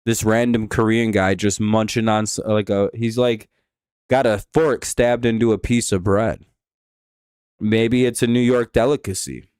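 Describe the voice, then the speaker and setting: A man's voice: lowish voice, steady tone, measured pace, a little mellow, smooth, dry recording, studio quality. A man hosting a live stream, giving rambling, offhand game commentary with casual swearing.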